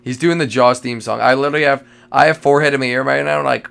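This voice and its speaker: A man giving live commentary while playing a multiplayer game, jittery and excitable, repeating phrases and breaking into sudden loud outbursts. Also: mid-range voice, racing, creaky, hardly any pauses. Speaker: gamer playing a multiplayer survival match.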